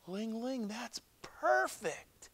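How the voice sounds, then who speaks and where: A man's voice: mid-range voice, sing-song, fast talker, sharp tone. A man voicing a determined, stubborn young peasant man in a storybook read-aloud.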